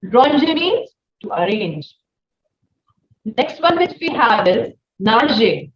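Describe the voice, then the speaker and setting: A woman's voice: a little high, big pitch swings, slow. A woman teaching a beginner French lesson, talking in a patient, repetitive way, asking questions and spelling out letters. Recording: echoey, dull lo-fi room.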